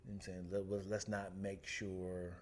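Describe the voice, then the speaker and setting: A man's voice: low-pitched, normal speed, slight background noise. A man co-hosting a podcast, telling stories in casual chat and acting out the people in them. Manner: animated, acts out voices while telling stories. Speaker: podcast co-host.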